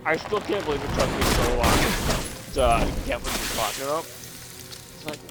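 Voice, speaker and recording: A man chatting casually while playing a game, rambling and excitable, swearing freely and tripping over his words. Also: mid-range voice, normal speed, loud music behind the voice. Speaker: gameplay commentator.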